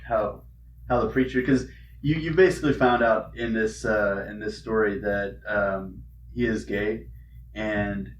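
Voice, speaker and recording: A male podcast co-host with a lowish voice recaps a comic casually, rambling with plenty of fillers and swearing. The mic is distant, so the recording sounds roomy and off-mic with faint noise.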